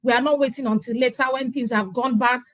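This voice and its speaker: A woman's voice: a little high, steady tone, fast talker, no echo, poor audio. A middle-aged Nigerian woman, a guest on an interview, telling her story emphatically and acting out quoted dialogue. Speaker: interview guest sharing her parenting journey. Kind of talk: conversational testimonial.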